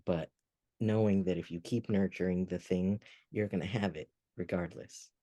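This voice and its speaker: A man with a very low, dark voice muses slowly through his ideas, often circling back and restarting. He sounds like a reflective podcast co-host. The sound is dry and close. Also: fairly even intonation, no echo. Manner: musing, thinks aloud with restarts. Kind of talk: reflective casual conversation.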